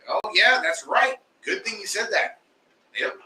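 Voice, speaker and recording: Man, casual chat, loud and excitable, swears a lot, very bright tone, echoey room, off mic. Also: high voice, a little slow. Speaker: co-host. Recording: roomy and distant with faint noise.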